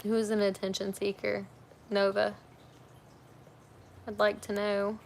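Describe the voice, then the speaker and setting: A woman's voice: mid-range voice, completely flat delivery, slow pace, vocal fry, a little hiss or hum. A young woman hosting a casual livestream from her couch at home on her phone, talking frankly with lots of fillers. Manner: chatty, frank, rambling with fillers. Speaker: livestream host.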